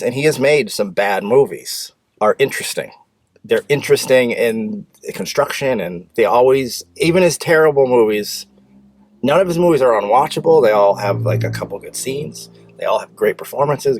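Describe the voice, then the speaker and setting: A man's voice: medium pitch, dry recording. A man hosting his own film review show, talking casually and bluntly, rambling with restarts and sudden bursts of speed. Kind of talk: casual opinionated movie review.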